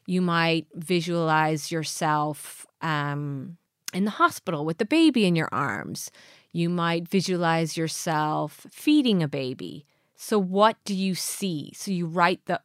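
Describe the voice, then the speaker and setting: A woman's voice: on the low side, fairly bright tone, no echo, studio quality. A woman hosting a motivational podcast, talking in an earnest coaching way with many rhetorical questions. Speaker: podcast host.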